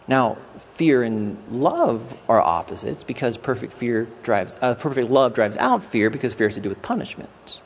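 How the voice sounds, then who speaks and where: A man's voice: medium pitch, big pitch swings, moderate pace, a little hiss or hum. A man giving a sermon as a guest pastor, in a conversational way with jokes. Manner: conversational preaching with jokes and acted quotes.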